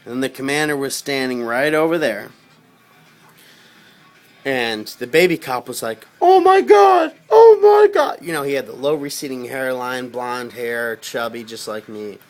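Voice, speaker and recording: A man telling a personal story in casual, rambling speech, swearing freely and getting loud when he quotes himself. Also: mid-range voice, steady tone, normal speed, soft background music. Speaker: storyteller recounting a personal experience.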